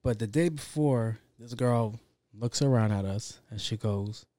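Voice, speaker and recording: A young man hosting a podcast, telling a story in a casual, profane, animated way with lots of slang. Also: medium pitch, a little slow, no room sound. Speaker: podcast host.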